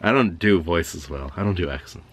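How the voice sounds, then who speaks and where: A young man in casual podcast chat, joking around in a deadpan way. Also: low-pitched, normal speed, very noisy. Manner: deadpan, joking, puts on silly voices. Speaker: podcast co-host.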